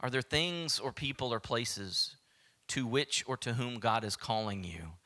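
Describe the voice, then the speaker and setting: Bright-voiced man preaching a sermon. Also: mid-range voice, a little slow. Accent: Southern American. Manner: animated, acts out quoted voices, drops to a hushed whisper. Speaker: pastor.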